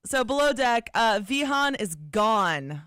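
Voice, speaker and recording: A woman's voice: on the high side, very animated, takes it slowly, a bit bright, smooth, no room sound, studio quality. Chatty gossiping woman on radio. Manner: chatty, gossipy, laughs easily. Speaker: radio co-host. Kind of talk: casual morning radio chat.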